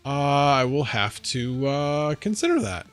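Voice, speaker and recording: A man's voice: medium pitch, big pitch swings, measured pace, faint music behind. A man hosting a casual livestream from home, rambling and thinking aloud as he answers viewers' chat. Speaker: livestream host.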